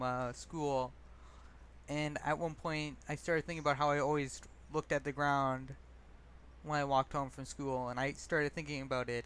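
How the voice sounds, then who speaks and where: A man's voice: medium pitch, a bit bright, smooth. A young man casually telling stories and reading his own poetry, rambling and self-deprecating, with many fillers and restarts.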